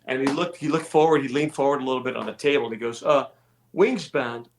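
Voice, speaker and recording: A man from California, a musician guest telling stories in a relaxed, self-deprecating way. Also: medium pitch, rapid-fire, vocal fry, slight background noise. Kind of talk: casual interview chat. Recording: echoey room.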